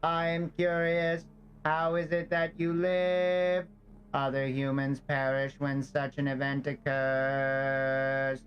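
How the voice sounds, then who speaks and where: A man voicing a curious male companion, speaking slowly and deliberately. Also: medium pitch, completely flat delivery, highs cut off, soft background music, natural voice. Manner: slow, drawn-out, deliberate delivery.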